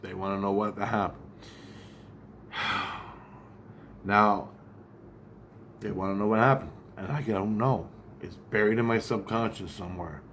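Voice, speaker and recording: A man's voice: on the low side, fairly even intonation, unhurried, long pauses, a bit bright, a little hiss or hum. A man talking in a casual vlog monologue, rambling, agitated and heavily profane.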